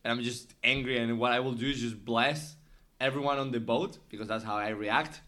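A man playing a tabletop game, describing his character's actions in halting, non-native phrasing. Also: mid-range voice, fairly even intonation, bright, forceful tone. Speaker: player. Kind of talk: casual tabletop game play.

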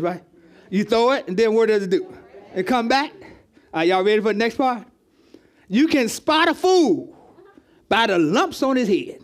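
Pastor, male, high-pitched, interactive teaching sermon, chatty and repetitive. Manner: conversational, calls on the congregation, repeats words. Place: church hall with congregation.

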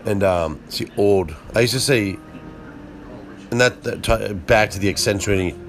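A man in his thirties rambles through a solo monologue with a low voice. He swears freely and keeps breaking off mid-sentence to restart. Faint music plays behind him. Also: unhurried. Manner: rambling, profane, self-interrupting.

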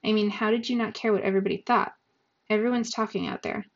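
A woman voicing a guarded teenage boy from school, pleading and halting as he searches for words. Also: medium pitch, fairly even intonation, vocal fry. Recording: dull lo-fi recording.

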